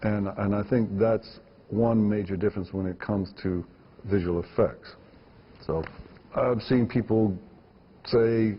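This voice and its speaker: A man's voice: fairly low pitch, measured pace, husky, long reverb tail, dull audio. A man, a filmmaker guest, answering interview questions emphatically and repeating words for stress.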